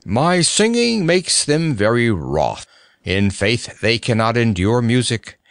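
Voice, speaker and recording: A man voicing a gloomy, dignified old knight with a high, hoarse voice and archaic, stately speech in an audiobook. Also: very animated, slow pace, no echo, studio quality. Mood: solemn. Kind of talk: audiobook character voice.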